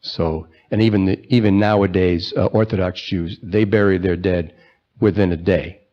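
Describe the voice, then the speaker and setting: A man preaching a sermon, retelling the scripture story in a conversational way and slowing down for the key lines. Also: low voice, steady tone, highs cut off. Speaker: pastor.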